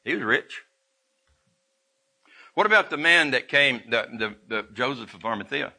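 A man's voice: medium pitch, animated, moderate pace, bright, forceful tone. A man preaching a sermon in a folksy way, with restarts and chuckles.

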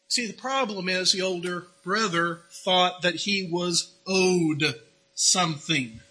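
A man's voice: high voice, slow, bright, forceful tone, slightly rough, rough recording. A man preaching a sermon in a conversational way, asking rhetorical questions and adding humorous asides. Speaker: pastor.

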